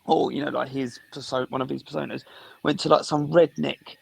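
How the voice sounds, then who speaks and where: Gravelly husky man telling a story. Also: mid-range voice, brisk, poor audio. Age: 30s. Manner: animated storytelling, acts out reactions. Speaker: podcast co-host. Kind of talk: casual chat.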